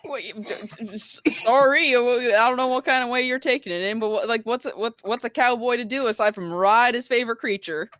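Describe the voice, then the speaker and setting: A woman playing a tabletop game who talks excitably and stammers over her words. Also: on the high side, fairly quick, hardly any pauses, slight background noise. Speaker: player. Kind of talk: casual tabletop game chat.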